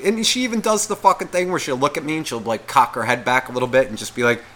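A man's voice: medium pitch, quick pace, hardly any pauses. A man co-hosting a podcast, ranting in a profane, comedic way and acting out the voices in his head. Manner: animated, swearing, acts out inner voices. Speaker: podcast co-host.

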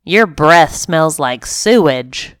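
A woman voicing an anxious, theatrical young male kitten in a pet storybook, in a dry, clear voice. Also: expressive, takes it slowly, no echo. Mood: cheeky. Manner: pleading, high-strung and theatrical.

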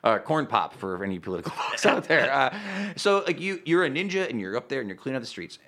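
A man's voice: mid-range voice, quick pace. A man in his thirties from upstate New York, chatting on a podcast and telling stories with acted-out quotes and plenty of swearing. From Utica, New York, USA. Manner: animated storyteller who acts out quotes and swears freely. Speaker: podcast guest. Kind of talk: casual chat.

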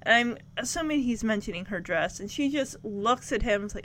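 A woman's voice: a little high, animated, brisk, hardly any pauses, a bit bright, slight background noise. A woman giving a casual, chatty recap of a show episode, acting out the characters' lines with incredulous asides.

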